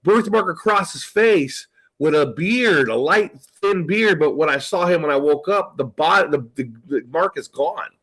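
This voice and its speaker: Rambling male guest, high-pitched, loose and profane. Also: lively intonation, unhurried, fairly bright tone, rough recording. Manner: rambling, swearing, tells stories with quoted dialogue. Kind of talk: casual chat on a call.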